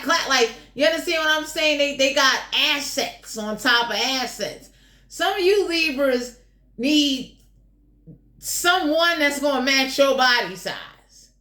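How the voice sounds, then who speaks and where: A woman's voice: high-pitched, a bit bright, roomy sound. A woman giving a casual general tarot reading in a blunt, crude, joking way, swearing freely. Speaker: tarot reader.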